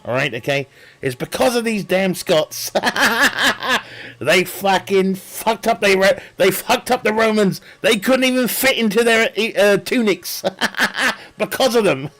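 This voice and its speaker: A man's voice: sits high, animated, unhurried, fairly bright tone. A man streaming a game, chatting casually in a rambling, joking way, laughing often and swearing. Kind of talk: casual live-stream chat.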